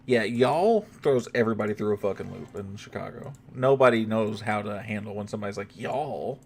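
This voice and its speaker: A lowish, fairly quick male voice with vocal fry belongs to a young man streaming a game, chatting loosely in a Southern US accent with a slight twang and swearing freely. There's a little hiss or hum in the recording.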